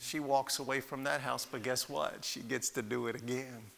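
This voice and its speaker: A man's voice: medium pitch, fairly even intonation, normal speed, gravelly, fairly bright tone, in a large hall. A man preaching a sermon, retelling a Bible story with dramatic storytelling and acted-out voices. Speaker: pastor.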